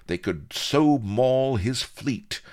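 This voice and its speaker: A man's voice: medium pitch, lively intonation, extremely slow, a little mellow, pitched above the performer's own voice. A man voicing a dashing, boastful young naval adventurer who declaims boldly and theatrically. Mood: rousing.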